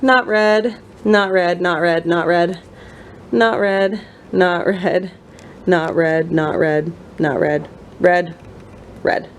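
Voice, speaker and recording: A woman's voice: on the low side, steady tone, takes it slowly, slight background noise. Chatty self-mocking young woman vlogger. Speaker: book vlogger. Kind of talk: casual chat to camera. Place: home room with bookshelves. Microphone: camera mic.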